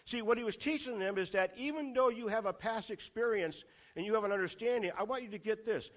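Male preacher, higher voice, sermon delivery, rhetorical questions, repeats lines for emphasis. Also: fast talker, fairly bright tone.

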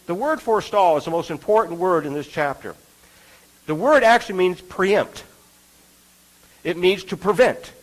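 A man's voice: sits high, fairly bright tone, low-quality recording. A man preaching a sermon in an earnest, conversational way, often asking his listeners rhetorical questions.

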